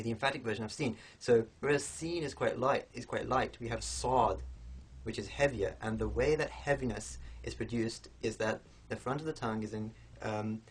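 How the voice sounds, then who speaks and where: A man giving a recorded pronunciation lesson, explaining patiently and repeating each sound slowly to demonstrate it. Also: mid-range voice, husky. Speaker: language teacher.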